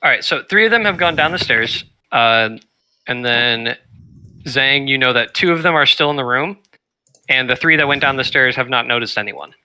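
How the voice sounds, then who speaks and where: A man with a very bright, forceful voice runs a tabletop game as game master. He talks in a loose, laid-back way, hedging and trailing off with fillers as he describes the scene. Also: medium pitch, animated, normal speed, clear, resonant tone, poor audio. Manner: laid-back, hesitant, many fillers and laughs.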